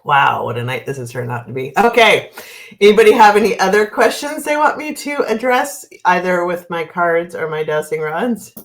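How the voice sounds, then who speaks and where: A middle-aged woman from Oregon hosts a casual livestream as a card reader. Her voice sits low, and she rambles along, breaking into laughter often. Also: big pitch swings, normal speed. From Oregon, US West Coast. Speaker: tarot and dowsing reader, livestream host.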